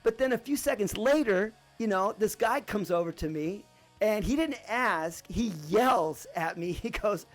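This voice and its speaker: A man from Arizona hosting a podcast, telling a personal story in a relaxed, rambling way with lots of fillers. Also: sits high, unhurried, soft background music. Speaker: podcast host.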